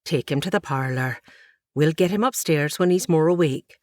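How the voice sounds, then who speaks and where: A bustling, kindly aunt who takes charge with fond briskness. A woman puts her on in an audiobook. Her voice sits a little higher and louder than the narration, in a dry, close recording. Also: no echo, close to an everyday voice. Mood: brisk. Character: warm motherly older aunt, bustling and kind.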